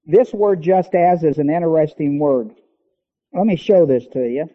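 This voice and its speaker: A man preaching a sermon, teaching emphatically and slowing down to stress key words. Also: fairly high pitch. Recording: long hall reverb, dull lo-fi sound.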